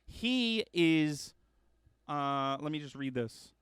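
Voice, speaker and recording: A man hosting a casual gaming news chat, rambling with lots of ums and uhs and correcting himself, getting excited about upcoming games. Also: a little high, slow pace, clear, resonant tone, no echo, clean studio sound. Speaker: gaming news show host.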